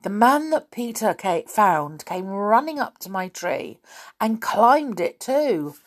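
A woman reading a children's story aloud, voicing an eager schoolboy in a raised, excited, slightly husky voice. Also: medium pitch, slow, voice pushed up. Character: eager schoolboy telling his news.

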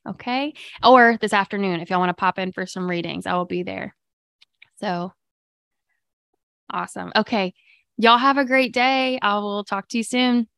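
A woman hosts a live morning stream, chatting upbeat and loose with her viewers, full of fillers. Her voice is smooth and clear. The sound is dry and close to the mic. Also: medium pitch, normal speed, pauses often, a bit bright, no echo. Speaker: livestream podcast host. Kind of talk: casual live chat with viewers.

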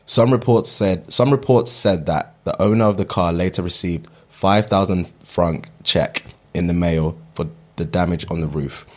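A man's voice: low voice, moderate pace, few pauses. A man, co-hosting a casual chat and reading out a fun fact, stumbling over names and laughing at himself. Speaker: podcast co-host.

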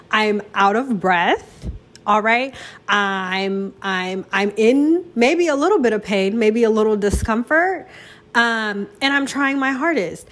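A woman's voice: mid-range voice, a bit bright. A young woman hosting a casual solo talk show, chatty and self-deprecating, jumping into exaggerated voices when she quotes people. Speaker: podcast host.

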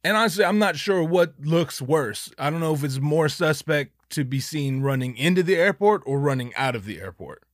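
Animated, profane male storyteller. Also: a little high, normal speed, hardly any pauses, no room sound, clean studio sound. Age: young adult. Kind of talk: personal anecdote storytelling.

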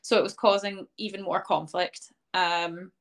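A woman's voice: fairly low pitch, steady tone, a little slow. A young woman guest in an interview, telling her story in a casual, chatty way, full of "um" and "like" and quoting what others said. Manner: chatty, many fillers like "um" and "like", acts out quoted speech. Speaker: interview guest, dog owner.

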